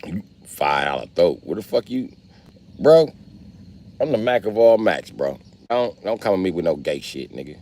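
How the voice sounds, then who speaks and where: A young man with a very low voice rambles through a casual live stream, swearing freely and talking straight to his chat. His talk wanders from one story to the next in an easy, unpolished flow. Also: very animated, normal speed, darkish tone. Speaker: livestreamer.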